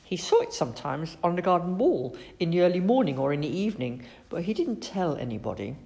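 A woman reading a children's story aloud in an expressive, animated way. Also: lowish voice, a little fast, vocal fry.

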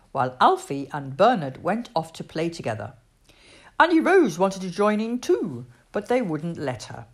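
A woman reading a children's storybook aloud, expressive and storytelling with voices for the figures. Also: lowish voice. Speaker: storybook reader.

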